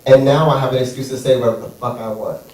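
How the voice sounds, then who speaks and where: A man's voice: medium pitch, steady tone, fast talker, a little mellow. A man performing a stand-up comedy set on a theater stage, sassy and playful, drawing out his punchlines. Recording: echoey room, far from mic.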